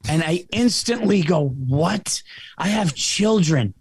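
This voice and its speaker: Animated comedian man telling a story. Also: a little high, normal speed, a crowd in the background. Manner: animated, laughing, swearing, self-mocking. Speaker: comedian host. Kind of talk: casual storytelling chat.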